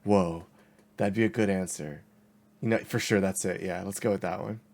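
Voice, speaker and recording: A man narrating a tabletop game as game master, halting with fillers and laughing often. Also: deep voice, fairly even intonation, creaky, a little mellow.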